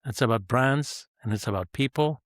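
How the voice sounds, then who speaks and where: A retired male executive guest on an interview podcast, talking in a measured, reflective way with frequent fillers. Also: medium pitch, no room sound, clean studio sound. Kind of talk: conversational interview answers.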